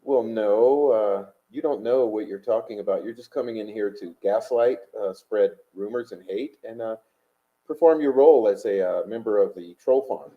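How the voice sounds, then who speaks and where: A man's voice: fairly low pitch, moderate pace. A man hosting a livestream, reading chat and super chats aloud in rambling, combative talk full of fillers. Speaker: livestream host. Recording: dull lo-fi stream audio.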